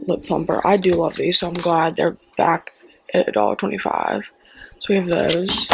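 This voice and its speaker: A young woman chatting excitedly through a shopping haul at home, full of "like" and quick asides. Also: fairly low pitch, creaky, a little hiss or hum, poor audio. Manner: chatty, excitable, with frequent "like" and "so we got her". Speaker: haul vlogger. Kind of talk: casual product haul chat.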